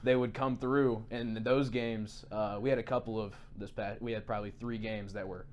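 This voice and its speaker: A man who coaches youth softball and baseball, chatting as a podcast guest and telling stories in a lively, filler-heavy way. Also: fairly low pitch, normal speed, dull audio, a little hiss or hum. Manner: lively anecdotal storyteller, many fillers. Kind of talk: casual podcast chat.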